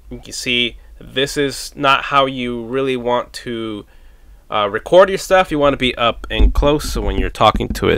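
A man's voice: medium pitch, vocal fry, smooth, dry recording. A man casually demoing a USB microphone at home, thinking aloud as he tries its settings, with his distance from the mic changing as he goes. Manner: relaxed, chatty, thinks aloud while testing. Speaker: tech reviewer. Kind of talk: casual product demo. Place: indoor home setup. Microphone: USB condenser mic under test, distance varies.

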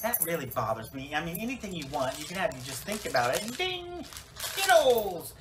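A man's voice: a little high, expressive, quick pace, noisy background, close to an everyday voice. A man playing Wenda, a rambling dead salon lady. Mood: wry rambling. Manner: rambling, full of fillers and restarts, wry. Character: chatty, self-absorbed woman salon owner, newly dead in heaven. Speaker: preacher in character. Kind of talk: comic church monologue.

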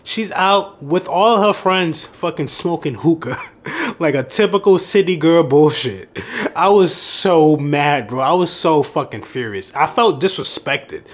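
A man's voice: on the high side, lively intonation, a little slow. A young man who coaches on dating, telling a story in a casual vlog, laughing often and swearing freely.

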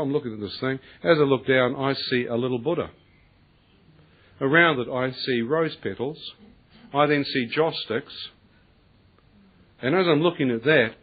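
A man giving a lively, colloquial testimony sermon, acting out the voices of others and laughing often. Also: medium pitch. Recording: tinny lo-fi, husky.

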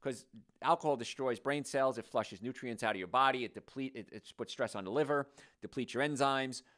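An older man hosting a health talk show, telling stories in an animated, joking, folksy way. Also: medium pitch, brisk.

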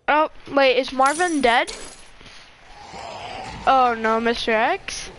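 A woman's voice: high voice, slow, fairly bright tone, slight background noise. A young woman giving gameplay commentary, swearing constantly and talking to herself and the screen. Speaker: gamer.

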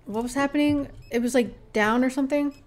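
A woman's voice: high-pitched, brisk. A woman livestreaming a game, chatting offhand with her viewers, reading out items to herself and swearing casually. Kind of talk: casual live-stream chat while gaming.

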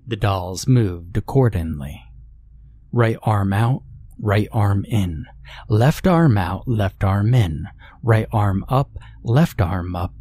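Slow, dark-voiced horror story narrator. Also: male voice, lowish voice. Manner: measured, steady storytelling.

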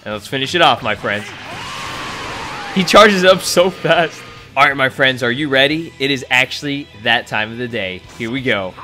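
A young man giving excitable, profanity-laced commentary over his gameplay, laughing often. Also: medium pitch, normal speed, faint music behind. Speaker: gaming YouTuber.

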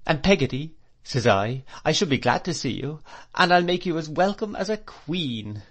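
A man voicing a devoted, homely middle-aged nursemaid, speaking fondly and emphatically at a slow pace, as a character in a classic audiobook. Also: a little high, very animated, fairly bright tone, voice pushed up. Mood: fondly determined.

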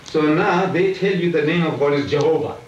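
A man's voice: on the high side, a little fast, slight background noise. An older man in a heated religious debate, emphatic and repetitive, pressing his listeners with questions. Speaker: debating preacher. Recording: roomy and distant, faint ambience.

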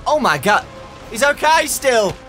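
A young man giving excitable let's-play commentary, shouting and laughing as he plays, over game music. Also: very high-pitched, a little slow. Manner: excitable, loud exclamations, giggly, talks to viewers as "boys". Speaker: gaming YouTuber.

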